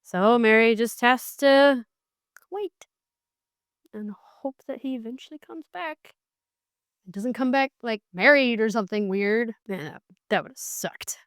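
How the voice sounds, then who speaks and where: A young woman chatting casually as she reviews a book, animated and wry, often restarting her sentences. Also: a little high, unhurried, clear, resonant tone, no echo, clean studio sound.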